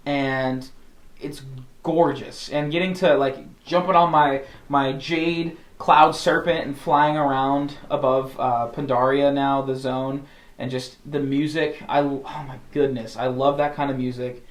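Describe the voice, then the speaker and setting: A man's voice: mid-range voice, flat delivery, unhurried, echoey room. A man co-hosting a podcast, talking in a casual, enthusiastic, rambling way with lots of restarts. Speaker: podcast co-host. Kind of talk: casual chat.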